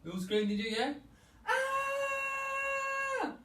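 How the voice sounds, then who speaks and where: A man leading a children's yoga class through a story, playful and coaxing. His bright, fairly high voice swoops up and down with lively pitch. He is heard from afar in an echoing room with a faint hum of ambience. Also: a little slow. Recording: echoey room, distant mic, faint ambience.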